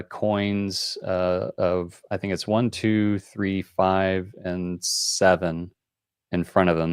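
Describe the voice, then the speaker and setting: A man's voice: low-pitched, a little mellow, clean tone, no echo, studio quality. A man hosting a board game call-in show, explaining rules in a rambling, casual way with many fillers.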